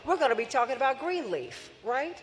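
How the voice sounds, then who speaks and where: A woman's voice: high-pitched, very animated, fairly quick. A woman hosting a live forum, rousing the audience with repeated phrases and calls for applause. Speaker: forum host and radio host. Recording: long hall reverb.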